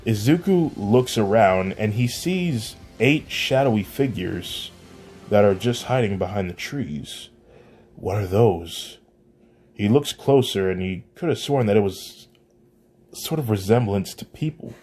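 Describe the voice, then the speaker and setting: A man narrating a fan-made story in a plain, steady way, with small slips, over faint music. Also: on the low side, a little slow, husky. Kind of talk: amateur fan-fiction storytelling.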